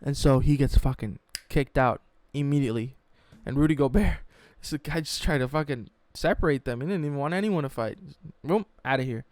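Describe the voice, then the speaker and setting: A man telling a sports story in a mocking, animated, profane way, as a sports YouTuber. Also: medium pitch, fairly quick, hardly any pauses, no room sound.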